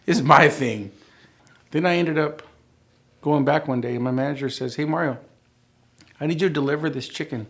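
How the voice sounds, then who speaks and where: Middle-aged man, gravelly voice, animated testimony storyteller. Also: medium pitch. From United States. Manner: animated storyteller, acting out quoted dialogue. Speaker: church member sharing his testimony.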